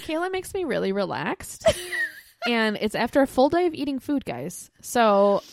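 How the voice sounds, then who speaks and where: A woman's voice: a little high, big pitch swings, moderate pace, vocal fry, no echo, studio quality. A woman in her thirties co-hosting a podcast in casual chat, chatty and self-deprecating. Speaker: podcast co-host.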